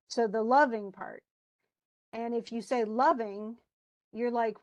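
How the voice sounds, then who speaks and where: This woman talks a little slowly in a highish voice while teaching a live online class on a computer mic. Her chatty explanations come with asides, and she voices what her students might think.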